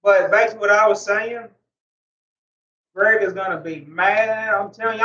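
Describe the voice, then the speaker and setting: Rambling high-voiced man on a livestream. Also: fairly even intonation, a little slow, pauses often, sharp tone, far from the mic. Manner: rambling and repetitive. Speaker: livestreamer chatting with viewers. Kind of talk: casual livestream chat. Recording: roomy, off-mic, dull lo-fi sound.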